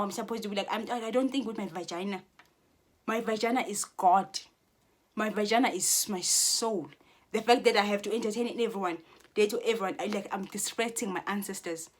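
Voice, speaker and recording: A woman vents straight to her viewers in a heated, profanity-laced monologue. She repeats words and restarts her sentences as she pushes her points. Her voice sits at an ordinary middle pitch for a woman. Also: fairly bright tone. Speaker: vlogger.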